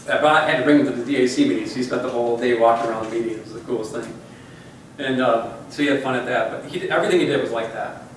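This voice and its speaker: A man's voice: medium pitch, a little hiss or hum. A man in his fifties telling a personal story to a group, in a folksy, rambling way with many "you know"s. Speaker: speaker addressing a group. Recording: echoey room, voice far from mic.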